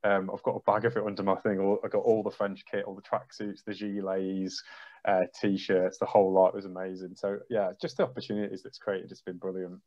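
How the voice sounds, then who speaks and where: A man's voice: low-pitched, flat delivery, fairly quick, darkish tone. A man, a trampoline coach, telling an emotional story on a video call and acting out his own reactions. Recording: dull lo-fi video call audio.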